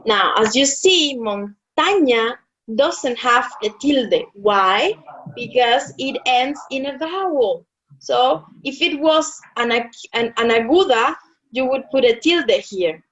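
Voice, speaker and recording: A woman teaching in a slightly high voice, speaking very slowly and carefully. She repeats key words and checks in with her student. The sound is dull and lo-fi, with keyboard typing in the background. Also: lively intonation, a bit bright. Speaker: Spanish tutor. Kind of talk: slow online lesson explaining rules.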